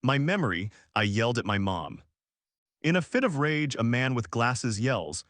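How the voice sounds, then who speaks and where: A man narrating a comic story recap in an even, read-aloud manner, reading the characters' lines in his own voice. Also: mid-range voice, moderate pace, dry recording, studio quality.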